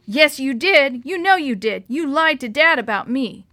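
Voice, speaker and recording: Storybook girl, tearful and furious, pitched way up and bright, a woman reading her. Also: lively intonation, normal speed, no room sound, clean studio sound. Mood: angry, tearful. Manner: high, loud, emotional delivery. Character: upset young girl, tearful and angry.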